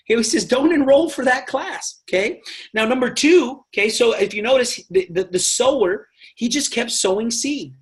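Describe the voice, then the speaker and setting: A man leading a network marketing team training, talking in an animated way and checking in with his listeners again and again. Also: extremely high pitch, moderate pace. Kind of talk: motivational team training talk.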